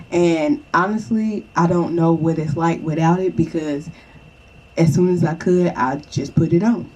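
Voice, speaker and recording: Mellow-voiced woman giving casual advice. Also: fairly low pitch, unhurried, muffled recording. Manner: chatty, reassuring, repeats "okay?" to the viewer. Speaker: vlogger.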